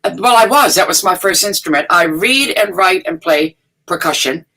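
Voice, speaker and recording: A woman's voice: fairly low pitch, animated, normal speed, bright, forceful tone. An older woman, a guest musician, chatting in an interview over a video call in a chatty, emphatic way with laughs. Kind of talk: casual interview chat.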